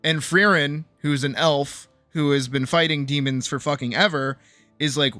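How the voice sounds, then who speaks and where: A man streaming, recapping a story in a loose, animated way, swearing freely as he talks. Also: fairly high pitch, normal speed, no room sound, faint music behind. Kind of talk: casual chat.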